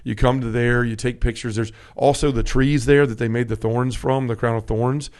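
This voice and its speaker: A man with a mid-pitched voice hosts a relaxed, conversational podcast. He talks earnestly and from the heart, often stopping to restart his sentences as he works through his thoughts. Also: moderate pace, clear, resonant tone. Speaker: podcast host.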